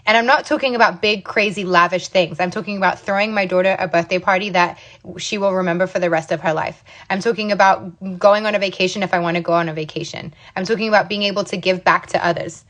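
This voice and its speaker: A woman's voice: lowish voice, steady tone, fast, fairly bright tone. A woman in her thirties from the United States, telling her own business story to camera in an emphatic, motivational way, often checking in with "okay?". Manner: emphatic, repeats "okay?" and "you guys". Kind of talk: casual motivational talk to camera.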